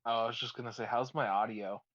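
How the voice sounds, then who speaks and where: A man chatting casually over a voice call in an easygoing, halting way, with many pauses and fillers. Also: mid-range voice, fairly even intonation, a bit bright, dry recording. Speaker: call guest. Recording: muffled dry call audio through earbuds.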